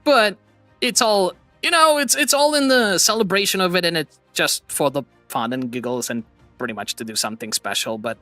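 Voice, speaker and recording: A man's voice: high voice, lively intonation, normal speed, bright, forceful tone, no echo, soft background music. A male streamer host chatting casually, earnest and rambling, often restarting his sentences. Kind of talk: casual chat.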